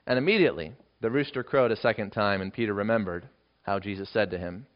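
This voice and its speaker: Speaking at a quick pace in an animated mid-range voice, a pastor works through a Bible passage in expository style. He stresses points emphatically and lifts into dramatic readings of quotations. The sound is dull and lo-fi.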